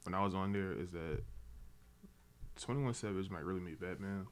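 A man's voice: low-pitched, moderate pace. A man hosting a podcast in casual chat, joking with playful asides. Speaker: podcast host.

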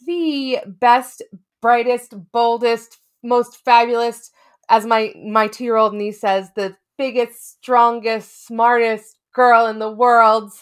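A woman's voice: fairly high pitch, fairly even intonation, slow, smooth. A woman co-hosting a casual podcast, playful and rambling, swearing for emphasis. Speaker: podcast co-host.

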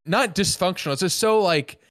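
A young man with a fairly high voice talks fast and loose on a podcast. He gets excitable, swears freely and leans on filler words as he goes. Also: no room sound, clean studio sound. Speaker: podcast co-host. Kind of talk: casual chat.

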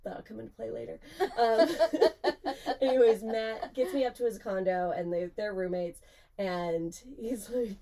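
A woman's voice: mid-range voice, steady tone, normal speed, vocal fry, mellow. A young woman co-hosting a podcast, telling a story in casual chat, laughing often and swearing freely.

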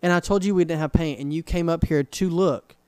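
A man's voice: a little high, a little fast, clear, resonant tone, no room sound. A young man, casually telling a story on a podcast and acting out the people in it with a raised voice. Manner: animated, acts out quotes in a raised voice. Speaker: podcast co-host.

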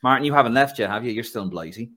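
A man with a Dublin Irish accent hosting a casual football podcast, telling stories with laughter and a chatty, animated manner. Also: mid-range voice, racing, background noise. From Ireland. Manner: chatty storyteller, laughs through anecdotes. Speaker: podcast host.

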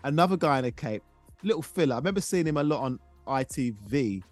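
Lively man hosting a podcast. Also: on the high side, quick pace, dry recording, faint music behind. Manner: animated, stumbles and repeats words. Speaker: podcast host. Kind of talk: casual nostalgic chat.

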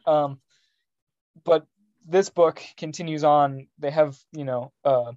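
A young man talks in a loose, joking podcast chat, rambling and restarting his sentences. His voice sits a little high for a man yet sounds mellow and dark. The recording is dry and somewhat dull, like lo-fi gear. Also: steady tone, slow pace, dry recording. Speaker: podcast co-host. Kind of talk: casual chat.

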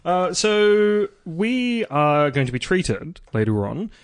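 A playful man hosts a casual podcast and keeps the banter light and jokey. His voice sits a little high. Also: sing-song, takes it slowly, smooth. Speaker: podcast host.

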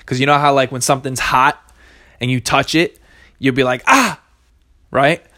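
A man's voice: medium pitch, little pitch movement, normal speed, pushed and bright. A young man hosting a solo podcast, rambling casually with lots of swearing and self-contradiction. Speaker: podcast host.

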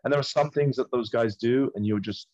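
A man who is a guest ski racer, explaining his sport in a measured way during an interview. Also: mid-range voice, a little mellow, no echo. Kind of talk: casual interview. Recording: dry, slightly dull sound.

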